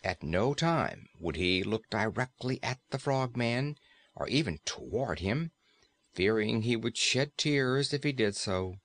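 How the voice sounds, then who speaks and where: A man narrating a classic fairy-tale audiobook in a steady, expressive storytelling way. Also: mid-range voice, unhurried.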